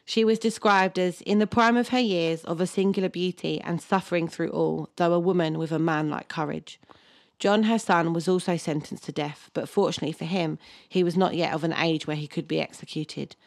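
A woman's voice: on the low side, a little fast, creaky, dry recording. A woman co-hosting a podcast, reading a historical story from a script and stopping to banter and laugh over place names. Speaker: podcast co-host.

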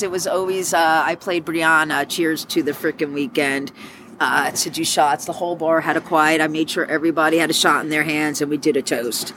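A woman's voice: normal speed, a little hiss or hum. A woman, a former bartender, telling stories in an interview and acting out the people she quotes. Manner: animated, acts out quoted voices with sharp pitch jumps. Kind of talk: storytelling interview.

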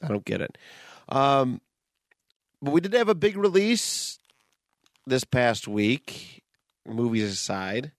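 A man's voice: mid-range voice, lively intonation, takes it slowly, pauses often, no echo, studio quality. A man co-hosting a podcast, chatting loosely and swearing while he rants in a laid-back way. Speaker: podcast co-host. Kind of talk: casual chat.

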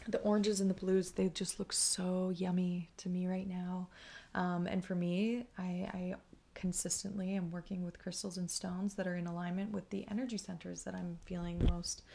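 A woman's voice: lowish voice, gravelly, dark tone. A young woman hosting a podcast, talking candidly and effusively in a casual personal monologue, swearing and laughing freely. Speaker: podcast host.

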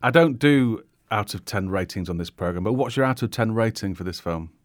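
A man's voice: on the low side, animated, brisk, no echo. Dry-voiced Mancunian man hosting. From Manchester, England. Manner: dry, teasing. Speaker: podcast host. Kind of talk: casual interview.

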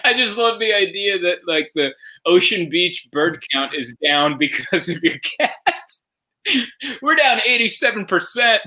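A man riffing jokes in a casual comedic chat, quick to laugh. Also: sits high, big pitch swings, bright, forceful tone. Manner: joking riffs, quick to laugh.

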